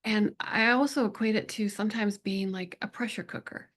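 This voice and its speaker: A middle-aged woman speaking as a podcast guest, telling personal stories in an earnest, emotional way with slow reflective pauses. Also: medium pitch, fairly even intonation. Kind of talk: conversational interview.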